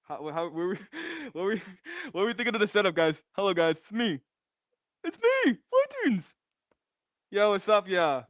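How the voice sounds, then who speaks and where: A man's voice: high-pitched, expressive, brisk, a bit bright, no room sound, clean studio sound. A young man streaming from his home garage, chatting casually and repeating phrases restlessly while he sets up a new microphone. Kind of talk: casual livestream chat. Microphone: new desk microphone.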